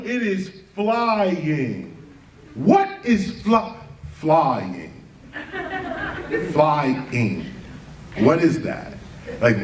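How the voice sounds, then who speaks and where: Man lecturer, high lively delivery, unhurried, emphatic rhetorical questions; captured from a distance in an echoey hall. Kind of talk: animated lecture to an audience. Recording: roomy, distant live lecture recording with faint ambience.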